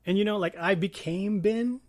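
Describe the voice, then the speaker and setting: A man in his thirties giving a casual commentary monologue, animated, swinging between loud bursts and quiet asides and swearing freely. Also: high voice, normal speed, no room sound. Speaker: commentary vlogger.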